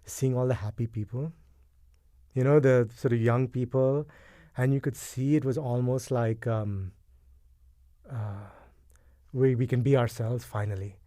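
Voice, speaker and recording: A middle-aged man, a guest in an interview, telling his story in a casual, animated and emotional way. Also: medium pitch, measured pace, long pauses, dry recording, clean studio sound. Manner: animated, emotional, acts out past dialogue. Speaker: guest, event co-founder.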